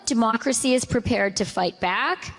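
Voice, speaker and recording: A woman's voice: fairly high pitch, moderate pace. A woman politician giving an emphatic public speech, in a clip. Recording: speech clip with crowd and noise.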